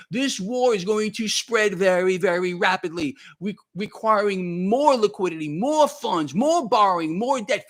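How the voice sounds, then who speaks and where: A man's voice: high voice, fairly bright tone. A man hosting a livestream, ranting in a heated, worked-up way, repeating himself and thanking viewers by name. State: worked up and sweating. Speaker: market commentary livestream host.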